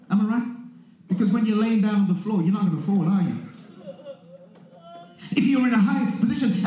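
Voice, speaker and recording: A man with a very high voice delivers a sermon, speaking slowly and drawing out his words. He turns emphatic and often breaks into shouts. The sound rings through a very echoey hall. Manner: emphatic, rising to shouts, slows down for emphasis, acts out quotes. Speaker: preacher.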